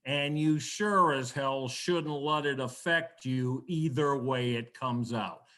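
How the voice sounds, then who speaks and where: A man doing an impression of an older male broadcaster who speaks slowly and gives calm, fatherly advice. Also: medium pitch. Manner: slow, deliberate, fatherly advice.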